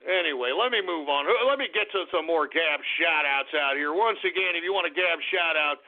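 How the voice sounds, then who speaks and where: A male radio show host in an abrasive talk radio rant, often breaking into shouting. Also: on the high side, fairly quick. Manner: abrasive, ranting, bursts into shouting. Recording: narrow phone-like radio audio.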